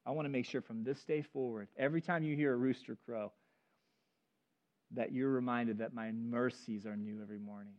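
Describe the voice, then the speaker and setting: A man's voice: medium pitch, fairly even intonation, fairly quick, pitched below the performer's own voice, natural voice. A man voicing Jesus as a patient, reassuring man in a sermon, earnest and close, on a dull lo-fi recording.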